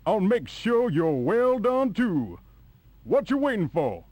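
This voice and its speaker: A man's voice: sits high, very animated, takes it slowly, a little mellow, dry recording, exaggerated voice. An actor playing a male steakhouse owner in a horror video game, drawling, hospitable and creepy. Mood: menacing welcome.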